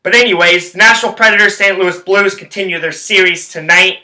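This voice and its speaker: A man's voice: sits high, fairly even intonation, brisk, bright, forceful tone, rough recording. A man ranting heatedly about hockey and sports betting, swearing constantly and rambling from point to point. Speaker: sports handicapping vlogger. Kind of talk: profane ranting commentary.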